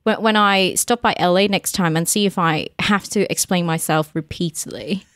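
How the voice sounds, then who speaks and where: A young woman with a softened East Midlands English accent, a podcast guest talking casually and hesitantly, with many ums and restarts. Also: on the low side, moderate pace, no room sound, studio quality. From England. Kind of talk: casual interview chat.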